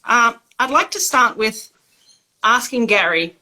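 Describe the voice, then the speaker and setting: A woman's voice: a little high, expressive, measured pace, rough recording. A woman hosting a live video call interview, talking in an upbeat, friendly way. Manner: upbeat and warm, with frequent laughs. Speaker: host. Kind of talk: casual interview chat.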